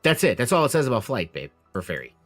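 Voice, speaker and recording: A man who runs the tabletop game talks loosely, with plenty of fillers and restarts. His pitch swings widely, and there is faint music under the whole chat. His voice sits at an ordinary middle height. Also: fast talker. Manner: rambling, filler-heavy, animated. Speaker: game master.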